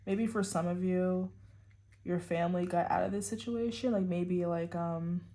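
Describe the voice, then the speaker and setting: A woman's voice: lowish voice, steady tone, normal speed, dark tone. A woman giving a casual tarot reading to her viewers, rambling and full of "like" and "you know". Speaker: tarot reader.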